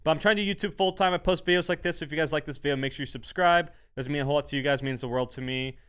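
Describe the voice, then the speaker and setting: A man's voice: fairly high pitch, very fast, fairly bright tone, clean tone. A young man hosting a comedy vlog, ranting in a rambling, mocking way and repeating his catchphrases.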